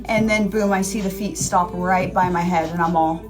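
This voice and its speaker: Woman, casual storytime, animated, acts out voices, music behind. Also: lowish voice, moderate pace.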